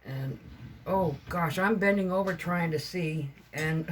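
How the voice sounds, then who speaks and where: A woman's voice: sits low, measured pace, slight background noise. A woman vlogger chatting casually about her crafts, meandering and chatty with many fillers and self-corrections. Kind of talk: casual rambling vlog chat.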